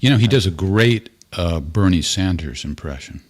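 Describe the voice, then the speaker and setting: Deep-voiced male podcast host. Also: animated, moderate pace. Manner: rambling, conversational. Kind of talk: casual chat.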